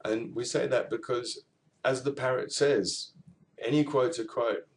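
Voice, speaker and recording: A man's voice: medium pitch, steady tone, measured pace. A man giving a recorded university lesson on referencing, explaining step by step with fillers and self-corrections. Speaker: university tutor. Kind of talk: recorded lecture on assignment referencing.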